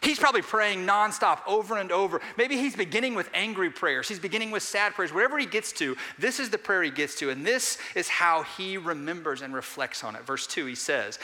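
A man preaching in a church sanctuary with a high, very bright voice. He moves from quiet, reflective pauses to emphatic peaks and asks the congregation questions. A long hall reverb trails his words. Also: animated. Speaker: pastor. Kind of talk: sermon.

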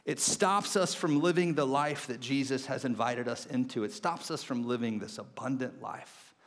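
A man preaching a sermon as pastor, animated storytelling that swings between excited and hushed. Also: medium pitch, moderate pace. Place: church auditorium. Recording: long hall reverb.

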